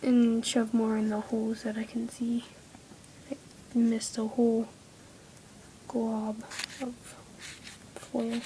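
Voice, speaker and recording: A woman's voice: fairly high pitch, completely flat delivery, takes it slowly, long pauses, mellow, rough recording. A teenage girl half-whispering a casual craft tutorial at home, apologetic and easily irritated. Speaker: craft video maker. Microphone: iPod camera close by. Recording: faint background noise.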